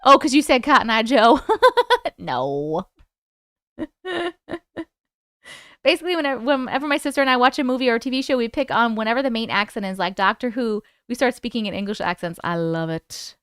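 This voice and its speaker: A woman's voice: a little high, expressive, fairly bright tone, clean tone, no echo, studio quality. A young woman hosting a livestream, chatting casually and giggling as she reads out viewer comments. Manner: chatty, giggly, quickly distracted. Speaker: livestream host.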